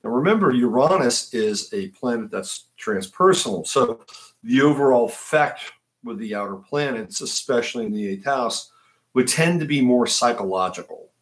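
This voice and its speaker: A man's voice: medium pitch, lively intonation, normal speed. A man hosting an astrology livestream, talking conversationally and often tossing in a rhetorical "right?". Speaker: astrologer host. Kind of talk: livestream talk.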